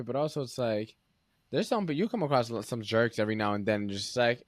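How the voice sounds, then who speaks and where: Talking into a close mic, a young podcast host runs a casual interview in a loose, filler-heavy style, saying "like" a lot. His voice is mid-range and a little fast, recorded dry.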